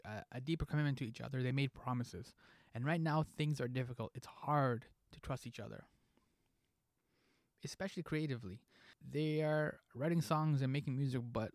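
A man's voice: mid-range voice, moderate pace, no echo, studio quality. A man hosting a podcast, reading a scripted monologue in a playful, jokey way with pop-culture asides. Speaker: podcast host.

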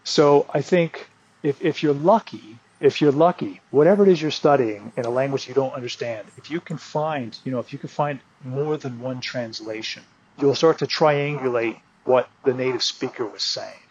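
A man's voice: mid-range voice, moderate pace, a little mellow, husky, dull audio. A man who teaches martial arts, a guest on an interview podcast, speaking in a friendly, hesitant way with frequent restarts. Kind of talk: conversational interview.

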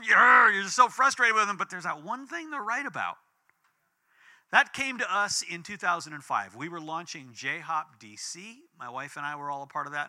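Fifties male pastor, lively storytelling sermon, high bright ringing voice. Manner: animated storytelling with big swings in pitch and volume.

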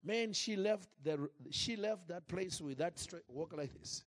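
A man preaching a sermon into a microphone in church, telling a story in a lively, acted-out way. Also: sits high, measured pace. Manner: animated, acts out scenes and jokes with the crowd. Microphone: handheld or stand mic.

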